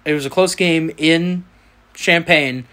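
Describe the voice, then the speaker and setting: A man's voice: fairly high pitch, steady tone, takes it slowly, bright, forceful tone. A man with a Southern US accent hosting a casual sports podcast, reading out matchups and bantering. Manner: reads out matchups, then banters. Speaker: podcast host.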